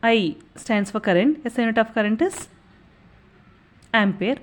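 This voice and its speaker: A young woman teaches an exam revision lesson, patient and methodical, and recaps each point. Her voice sits slightly high. She often pauses on "so" and "okay" before the next step. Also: expressive.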